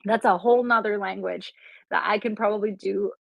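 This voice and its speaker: A woman's voice: medium pitch, steady tone, fairly quick, creaky, no room sound, poor audio. A woman from Rico, speaking as a guest in a casual live audio chat in a gracious, effusive way. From Puerto Rico. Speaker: guest speaker and content creator.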